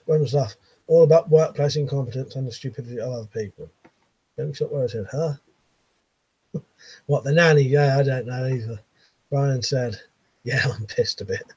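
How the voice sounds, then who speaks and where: Reading viewer messages aloud during a relaxed bedroom livestream, this Englishman in his late thirties keeps up easygoing banter punctuated by chuckles. His mid-range voice is darkish and slightly rough, and the recording has no echo.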